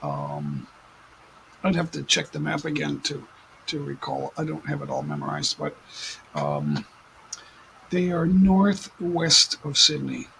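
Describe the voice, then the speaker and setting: Gravelly American man rambling on a livestream. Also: on the high side, wildly swooping pitch, fairly bright tone, slight background noise, poor audio. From United States. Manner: rambling, halting with many fillers and restarts. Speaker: livestream host. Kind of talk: casual livestream chat. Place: home livestream setup. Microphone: desk mic at some distance.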